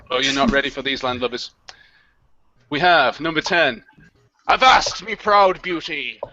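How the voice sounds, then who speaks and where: A man's voice: high-pitched, pushed and bright, lo-fi sound. A man co-hosting a live online quiz stream, reading out comic news items with hammy delivery and laughing at his own jokes. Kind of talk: playful live-stream banter.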